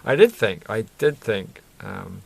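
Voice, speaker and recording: A man's voice: fairly low pitch, animated, takes it slowly, vocal fry, husky. A man chatting casually and rambling while building a Lego set, often chuckling and correcting himself.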